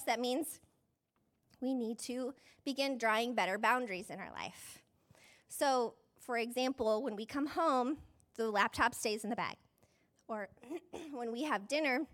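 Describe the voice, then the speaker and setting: High-voiced chatty woman preaching. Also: a little slow, pauses often, a bit bright. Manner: chatty and self-deprecating, with frequent "like"; laughs often mid-sentence. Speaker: pastor. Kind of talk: conversational sermon.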